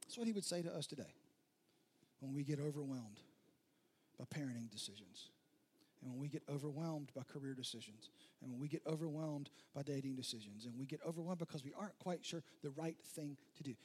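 A man's voice: medium pitch, brisk, a little mellow, a little hiss or hum. A male pastor preaching a sermon in a conversational storytelling way, with emphatic repeated phrases.

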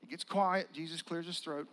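A man's voice: a little high, measured pace, a bit bright, poor audio. A male pastor preaching a sermon as casual, vivid storytelling.

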